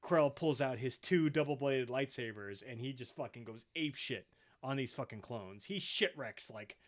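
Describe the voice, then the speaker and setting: A man's voice: mid-range voice, moderate pace. A man hosting a podcast, retelling episodes casually with lots of swearing and quoted voices. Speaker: podcast host. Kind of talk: casual chat.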